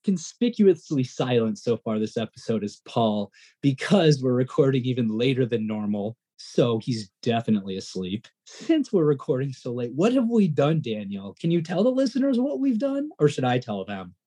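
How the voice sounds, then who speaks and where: A male podcast co-host with a mellow, slightly husky voice talks in loose, casual banter. He rambles and gets excitable, and his pitch climbs when he's fired up. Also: normal speed.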